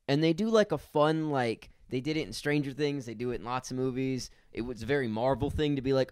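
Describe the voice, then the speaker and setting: A man's voice: mid-range voice, normal speed, darkish tone, clear, resonant tone, no room sound, studio quality. A young man co-hosting a podcast, telling exasperated stories about a bad movie with plenty of swearing. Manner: exasperated storytelling, heavy swearing. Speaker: podcast co-host. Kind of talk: casual movie review chat.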